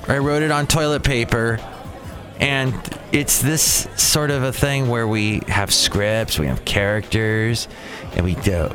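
A man hosting his own daily podcast alone, playful and digressive, joking at his own expense. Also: mid-range voice. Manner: playful, digressive, self-mocking. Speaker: podcast host. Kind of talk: rambling solo podcast.

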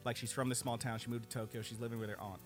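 A man co-hosting a podcast, reviewing anime in casual, animated, profane chat full of fillers. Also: medium pitch, rapid-fire, soft background music. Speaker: podcast co-host.

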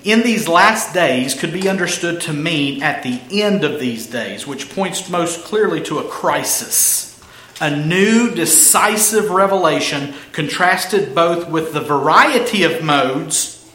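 A man delivers an expository sermon, pressing hard on key phrases and drawing them out slowly. His voice sits a little high and rings bright and forceful. The room echoes around him, with a faint ambience behind. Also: expressive, a little hiss or hum. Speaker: pastor.

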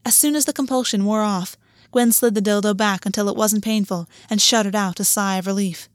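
A woman reads a story aloud in a steady, measured voice. Her pitch sits in a middle register. The recording is dry and close, with no room echo. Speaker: audiobook narrator. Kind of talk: scripted story narration.

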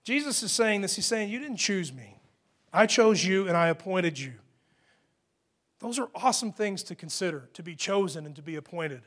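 A man with a high voice preaching to his congregation in a church hall. He talks conversationally, then climbs into emphatic peaks and drops into soft, hushed asides. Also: animated, moderate pace. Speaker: pastor. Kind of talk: sermon.

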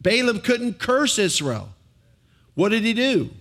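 Animated preaching man, somewhat high voice. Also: slow. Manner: animated preaching, asks the congregation questions. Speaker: pastor. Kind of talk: sermon. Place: church before a congregation.

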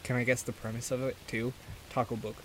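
A man's voice: level tone, quick pace, slight background noise. A young man co-hosting a casual podcast, goofy and playful with lots of jokes. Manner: goofy and playful, jumps between high and low. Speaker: podcast co-host.

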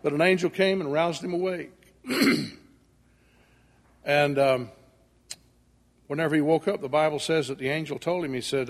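A man's voice: fairly high pitch, steady tone, moderate pace, pauses often. A male preacher giving a sermon in a folksy storytelling manner, acting out the dialogue. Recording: echoey hall with long reverb.

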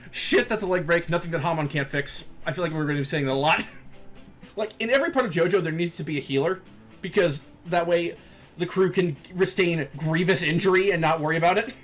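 A man hosting a podcast in casual chat, animated, laughing often and swearing casually. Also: a little high, fairly quick, faint music behind. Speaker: podcast host. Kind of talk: casual chat recapping an anime.

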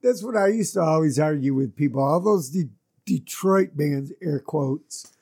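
A man's voice: fairly high pitch, measured pace, dark tone, slightly rough. A man hosting a casual interview, asking easygoing questions. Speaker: host.

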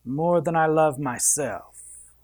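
A man putting on a slow, breathy crooning lover. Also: darkish tone, dry recording. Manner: deep, slow, breathy crooning in a put-on accent. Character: smooth-talking young male romantic lover.

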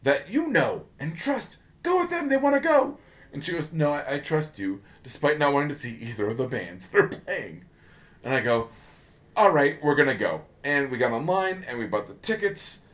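A man's voice: mid-range voice, big pitch swings, normal speed, fairly bright tone. A man co-hosting a podcast, ranting sarcastically in casual talk, getting worked up and swearing. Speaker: podcast co-host. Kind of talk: casual comedic rant.

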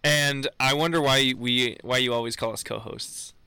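A man co-hosting a comedy podcast, chiming in with quick deadpan one-liners. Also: mid-range voice, clear, resonant tone, no room sound. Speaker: podcast co-host. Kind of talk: casual comedy podcast banter.

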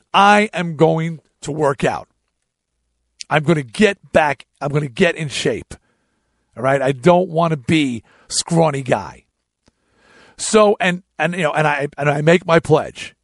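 A middle-aged man spins a casual story, blunt and profane, and often restarts his sentences. His voice sits a bit high and swoops up and down, and the sound is dry and close. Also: a bit bright, dry recording. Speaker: podcast host.

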